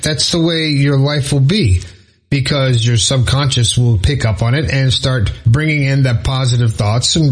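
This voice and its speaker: A man's voice: medium pitch, slightly rough, low-quality recording. A man talking straight to his viewers in a casual motivational monologue, earnest and encouraging, repeating points for emphasis and joking with himself now and then. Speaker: motivational vlogger.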